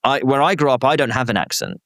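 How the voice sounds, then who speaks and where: A young British man, a guest actor, chatting casually with animated, self-deprecating, rambling stories. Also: mid-range voice, quick pace, no room sound, studio quality. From Britain. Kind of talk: casual chat.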